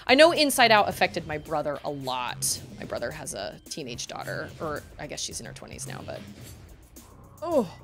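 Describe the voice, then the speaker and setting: A woman's voice: low-pitched, huge pitch swings, normal speed, over music. A woman livestreaming a video game, chatting casually and rambling, laughing often. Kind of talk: casual chat while gaming.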